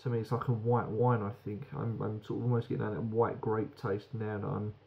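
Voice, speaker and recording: A man's voice: lowish voice, flat delivery, a little fast, vocal fry, highs cut off. A British man giving a frank, rambling beer review that swears casually.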